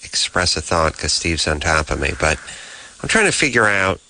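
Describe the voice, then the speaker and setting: A man's voice: deep voice, big pitch swings, moderate pace, bright, forceful tone, slight background noise. A man hosting a call-in radio show who riffs on callers with sarcastic, comic banter. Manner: wry, riffing, sarcastic.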